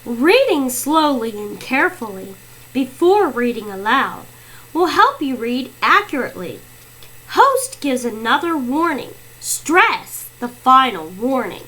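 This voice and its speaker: A woman's voice: sits high, big pitch swings, unhurried, pushed and bright, low-quality recording. A woman teacher giving reading fluency tips in an instructive way.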